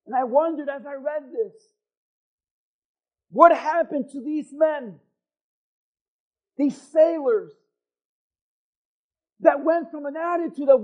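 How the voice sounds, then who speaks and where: A man preaching a sermon as pastor, swinging from loud, emphatic lines to hushed ones. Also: extremely high pitch, takes it slowly, pauses often. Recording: thin phone-like sound.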